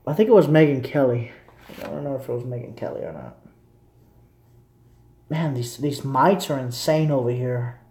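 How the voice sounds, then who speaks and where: A man's voice: medium pitch, expressive, moderate pace, long pauses, warm tone, reverberant. A man from Texas rambling to his viewers in a blunt, opinionated live-stream chat, swearing casually as he goes.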